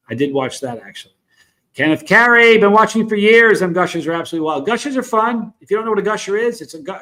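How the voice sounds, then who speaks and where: A man's voice: a little high, a bit bright. Rambling Southern-accented man on a livestream. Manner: rambling, frank, greets viewers in chat. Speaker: livestream host. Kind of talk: casual livestream chat.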